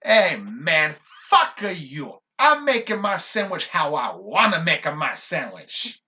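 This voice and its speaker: A man putting on a loud, fussy customer who barks orders at the deli counter, pitched noticeably above his own voice and pushed hard. He is bossy and ready to explode at anyone at any moment. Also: normal speed, close to an everyday voice. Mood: furious. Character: loud, demanding, hot-tempered male deli customer.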